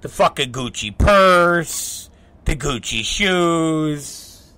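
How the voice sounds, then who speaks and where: A man hosting a talk show, telling a profane story in animated, rambling fashion and acting out both sides of arguments. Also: fairly high pitch, clean tone, no room sound. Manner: animated, profane, quotes people in quick back-and-forth. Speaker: podcast host.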